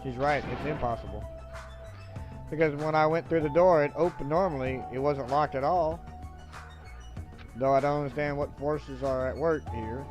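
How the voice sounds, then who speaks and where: A man's voice: on the high side, normal speed, long pauses, poor audio. A man livestreaming a game, reading its dialogue aloud with loose, joking asides. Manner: loose, joking asides between read lines. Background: game music.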